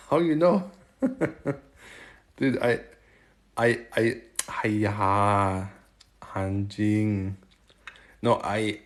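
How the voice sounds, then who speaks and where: A man from Germany hosting a casual livestream, chatting with viewers and haltingly trying out Chinese phrases. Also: on the low side, vocal fry. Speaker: livestream host. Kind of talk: casual live chat answering viewers.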